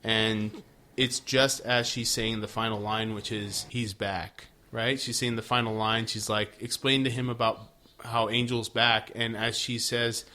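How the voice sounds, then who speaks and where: Bright-voiced man recapping a show. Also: medium pitch, level tone, a little slow. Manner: laid-back, swears, acts out characters' lines. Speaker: podcast co-host. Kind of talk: casual recap chat.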